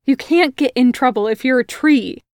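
A woman's voice: sits high, normal speed, a little mellow, no echo. A woman reading an audiobook voices a brooding male fae prince who snaps and hisses with anxious tension, staying close to her own voice. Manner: tense, snapping, hissing.

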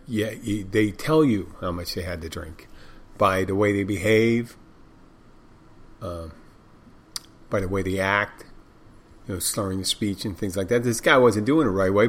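An older man, a bartender, telling a story in a rambling, frank way, full of restarts and blunt words. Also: on the low side. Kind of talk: casual storytelling monologue.

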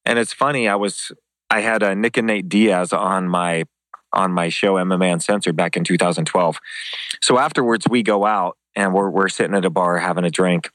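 A man's voice: moderate pace, no echo. A man telling casual anecdotes as an interview guest, swearing freely and acting out other people's lines. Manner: animated, acts out quoted dialogue with pitch jumps. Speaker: interview guest, former MMA show host.

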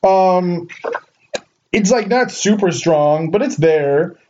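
A man's voice: high voice, lively intonation, takes it slowly, a little mellow, a little hiss or hum. A man co-hosting a podcast in casual chat, rambling with lots of filler words. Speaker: podcast co-host. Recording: muffled lo-fi recording.

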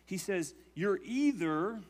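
Male pastor, slightly high voice; relaxed, conversational sermon delivery. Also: takes it slowly. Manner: conversational preaching, often adding "right?"; prays in a low, hushed voice.

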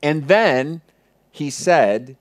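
A pastor preaching, retelling a personal story earnestly and often dropping to a hushed voice. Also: male voice, on the high side, lively intonation, very slow. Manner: earnest, vivid retelling with many soft hushed passages. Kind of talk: sermon storytelling.

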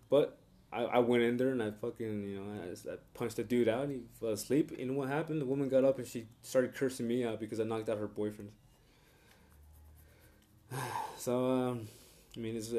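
A man's voice: lowish voice, warm tone. A man delivering a combative, profane, rambling rant to his audience. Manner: rambling with many restarts and fillers. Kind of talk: ranting monologue to camera.

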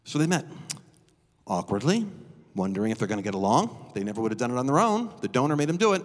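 A man preaching a storytelling sermon live in a church, animated and acting out the voices of people he quotes. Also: mid-range voice, fast. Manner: animated, acts out quoted dialogue. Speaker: guest preacher. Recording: long reverb of a church hall.

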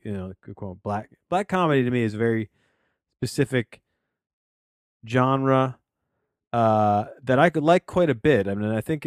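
Guy rambling through a movie review podcast from his home studio, kinda low voice, dry sound. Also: no room sound. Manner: rambling, full of tangents and restarts. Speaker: podcast host, film reviewer. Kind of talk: casual solo podcast review.

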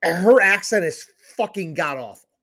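A man with a notably high voice chats bluntly in casual banter. He swears freely and gives his opinions without softening them. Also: animated, normal speed. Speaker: podcast co-host.

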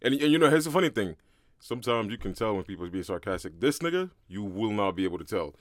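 A young man from Brooklyn, co-hosting a podcast in slangy, animated casual chat. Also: fairly low pitch, no room sound, studio quality. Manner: fast, slangy, animated storytelling. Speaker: podcast co-host.

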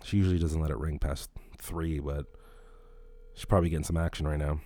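A man's voice: very deep voice, fairly even intonation, a little fast, pauses often, dark tone, dry recording. A man in his late twenties, a podcast host, telling a rambling, profane story in casual talk.

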